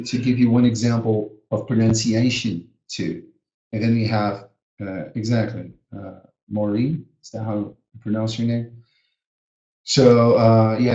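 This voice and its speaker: Brazilian guy teaching english online, mellow voice, kinda roomy and muffled. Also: fairly low pitch. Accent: Brazilian Portuguese. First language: Portuguese. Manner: explanatory, checks in with listeners. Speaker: teacher educator. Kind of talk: webinar lesson.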